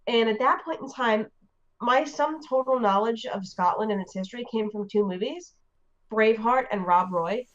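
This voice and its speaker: A woman from the United States tells a story in an animated, chatty manner, her voice sitting a little high. She stumbles through restarts and fillers. The audio sounds dull and lo-fi. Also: moderate pace. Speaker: interview guest. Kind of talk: casual storytelling.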